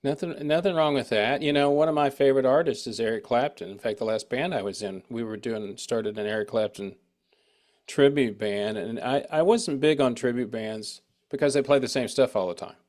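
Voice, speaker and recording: A man's voice: mid-range voice, normal speed, a little mellow. Casting: middle-aged man, chatty interview host, loose storyteller. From United States. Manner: rambling, anecdotal, with frequent restarts. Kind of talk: casual interview chat.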